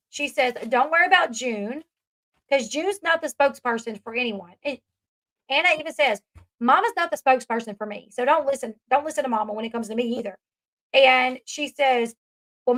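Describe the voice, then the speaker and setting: A woman's voice: high voice, fairly bright tone. A woman recapping a reality show in a chatty, casual way, often laughing at the scenes she retells. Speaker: commentary host.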